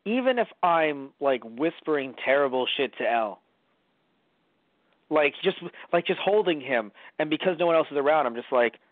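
Animated, profane man, phone-like sound. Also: on the high side, normal speed, dry recording. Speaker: podcast co-host. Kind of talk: casual movie review chat. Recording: dry, phone-like line.

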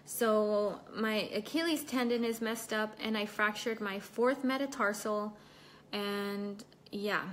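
A woman's voice: mid-range voice, steady tone, takes it slowly, fairly bright tone, a little hiss or hum. A young woman chatting casually on a livestream, reading out and answering viewer comments between bits of her story, laughing often.

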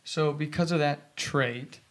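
A man's voice: fairly high pitch, takes it slowly. A man in his twenties co-hosting a podcast, telling stories in casual chat and acting out quoted dialogue. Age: 20s. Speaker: podcast co-host.

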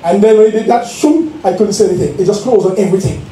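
Exuberant preacher, echoey church. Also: male voice, high-pitched, fast talker, warm tone. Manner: exuberant, calls for responses, laughs. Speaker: pastor. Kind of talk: Pentecostal sermon. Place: church sanctuary. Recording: echoey church room from far off, faint noise.

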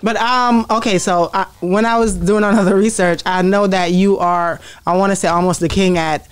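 A woman's voice: medium pitch, fairly even intonation, moderate pace, clear, resonant tone. A woman hosting an interview, asking curious questions and prompting with short reactions. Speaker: interviewer host.

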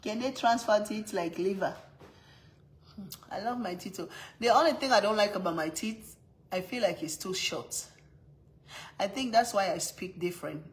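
A woman's voice: medium pitch, normal speed, pauses often, rough recording. A mother with a strong accent chatting casually on a live stream, laughing often and greeting viewers by name. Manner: strong non-native accent.

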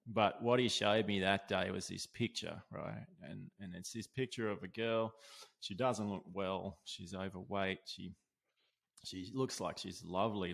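A man telling stories in a relaxed, casual way as an interview guest. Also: low-pitched, gravelly. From Australia. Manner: laid-back, lots of "dude" and "like", laughs while telling. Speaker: guest, osteopath. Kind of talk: casual storytelling.

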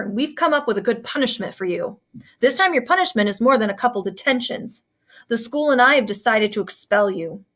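A woman's voice: medium pitch, fairly bright tone. A woman reading aloud as a strict but fair male middle school principal, scolding firmly. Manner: stern, firm, scolding.

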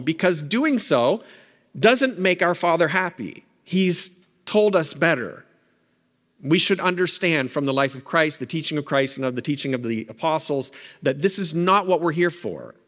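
A male pastor giving a sermon in a conversational way, often checking in with the congregation with quick asides. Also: a little high, a bit bright, big-room sound. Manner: conversational preaching, frequent "right?" asides. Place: church sanctuary.

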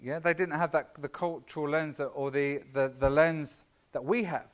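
Male pastor with a high voice, preaching informally and teasing his flock. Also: fairly even intonation, moderate pace. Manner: chatty, self-deprecating, with frequent fillers and asides to the congregation. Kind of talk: conversational sermon. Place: church.

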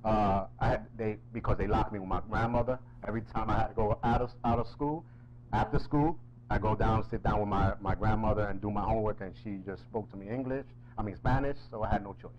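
A man's voice: on the low side, fast, a little mellow, lo-fi sound, slight background noise. A man hosting a casual interview, joking and laughing often. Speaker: host.

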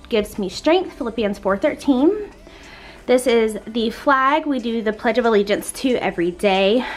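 A woman's voice: fairly high pitch, a bit bright. A young woman gives a chatty, upbeat tour of her home for a vlog, a little out of breath, with lots of fillers. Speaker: homeschooling mom vlogger.

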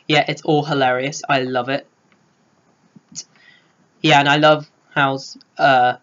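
A man giving a casual spoiler review of a film, gushing and filling pauses with "uh". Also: medium pitch, level tone, a bit bright, muffled recording. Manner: gushing, lots of filler words. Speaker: film vlogger.

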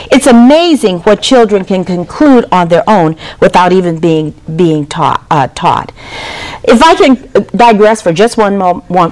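A woman's voice: medium pitch, low-quality recording. A middle-aged woman giving a speech to an audience, telling stories with rising emphasis. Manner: storytelling with lively rising emphasis. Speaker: speaker at a public event.

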